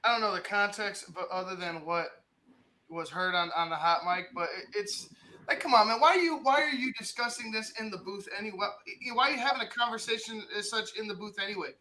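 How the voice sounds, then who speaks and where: A man on a sports talk show, animated, stumbling and repeating himself as he retells reactions. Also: high voice, brisk, a little hiss or hum, poor audio.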